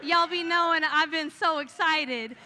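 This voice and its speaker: A woman pastor preaching a sermon, telling the story with lively energy and saying "y'all" to the congregation. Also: sits high, unhurried, big-room sound, some chatter behind, a little hiss or hum. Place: church hall.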